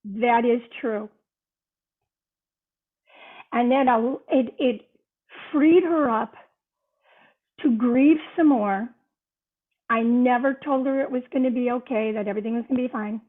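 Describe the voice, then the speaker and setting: A woman's voice: on the high side, moderate pace, long pauses. Older woman on a tinny line. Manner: earnest storytelling. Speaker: guest author. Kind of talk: podcast conversation. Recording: tinny phone-line sound.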